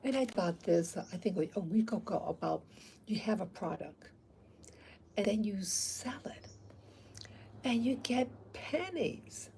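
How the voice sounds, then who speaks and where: Slow gravelly woman vlogger. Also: medium pitch, dark tone, a little hiss or hum, low-quality recording. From abroad, not from Africa. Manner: rambling, hesitant, many fillers. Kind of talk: casual talk to camera.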